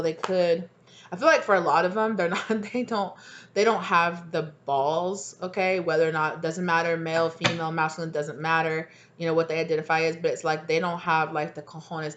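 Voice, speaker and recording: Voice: mid-range voice, steady tone, normal speed, noisy background. A tarot reader giving a casual reading to viewers, talking in a chatty, emphatic, slangy way, acting out the people being described and mumbling asides over the cards.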